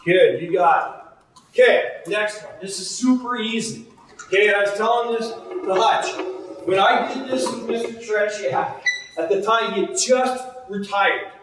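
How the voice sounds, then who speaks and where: A man coaching goalies through a juggling drill, calling out repeated cues with steady energy. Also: sits high, a little slow. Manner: energetic, repetitive cueing. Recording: very echoey, distant mic.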